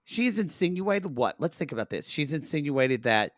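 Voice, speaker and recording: A man's voice: a little high, very animated, moderate pace, dry recording, studio quality. A man co-hosting a casual recap podcast, talking in a blunt, profane and analytical way. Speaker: podcast co-host. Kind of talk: casual reality TV recap chat.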